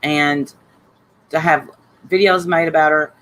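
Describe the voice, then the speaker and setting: This livestream host has a low, slightly bright voice with fairly even intonation and a measured pace. She greets viewers by name and speaks bluntly and heatedly about online drama, over a rough recording with some hiss or hum.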